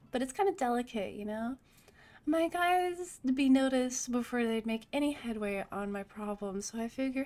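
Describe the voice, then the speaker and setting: A woman doing a nasal, fake-New-York sleazy boss. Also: darkish tone. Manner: high and nasal, mock New York accent. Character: rotund male film-studio boss, oily and pushy. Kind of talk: reading game dialogue aloud.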